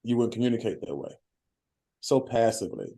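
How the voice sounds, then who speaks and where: A man's voice: mid-range voice, expressive, fairly quick, warm tone. A man hosting a group call and giving emphatic, conversational sales training, often repeating himself.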